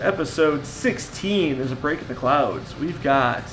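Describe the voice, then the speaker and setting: A man hosting a live community podcast, chatting casually with a relaxed, rambling, joking manner. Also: fairly high pitch, measured pace, faint music behind. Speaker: podcast host.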